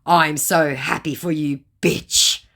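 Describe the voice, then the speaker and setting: A woman reading out the messages of a crude, taunting male online scammer in a slow, mocking drawl. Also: low-pitched, fairly even intonation, fairly bright tone, pitched above the performer's own voice, exaggerated voice.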